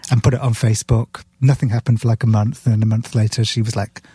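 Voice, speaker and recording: A man's voice: on the low side, little pitch movement, fast, mellow, husky, dry recording. A man talking as a guest in a podcast conversation, earnestly retelling a story scene by scene. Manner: sipping beer while talking. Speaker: author guest.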